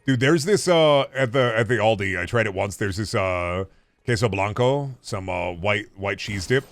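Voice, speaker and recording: His fairly low, expressive voice moves at a normal speed with no room sound. He's a man in his thirties streaming a game, talking in loose, easygoing rambles peppered with swearing.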